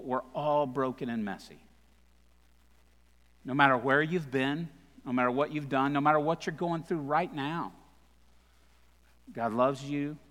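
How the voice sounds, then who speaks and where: A man's voice: medium pitch, fairly bright tone. Man preaching with humor in a reverberant hall. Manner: conversational, self-deprecating. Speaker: guest speaker. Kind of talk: humorous storytelling sermon. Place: live church service.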